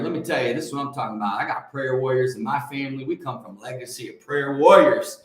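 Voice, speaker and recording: A man's voice: mid-range voice, lively intonation, brisk, soft background music. A man in his forties from Michigan, hosting a casual livestream, greeting viewers by name and rambling in a preachy way. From Michigan, USA. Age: 40s. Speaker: livestream host. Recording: very echoey room.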